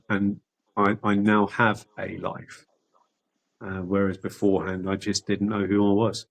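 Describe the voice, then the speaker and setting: Middle-aged man, low-pitched, candid podcast guest, loose and profane, lots of restarts. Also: level tone, slow pace, gravelly, pauses often, rough recording. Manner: rambling, sweary, restarts often. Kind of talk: candid personal storytelling.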